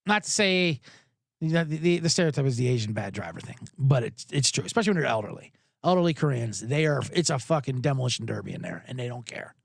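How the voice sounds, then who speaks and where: Animated, profane man telling a story. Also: medium pitch, quick pace, vocal fry, no echo, clean studio sound. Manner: animated, profane, acts out both sides of an argument. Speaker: sports podcast host. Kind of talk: comedic storytelling rant.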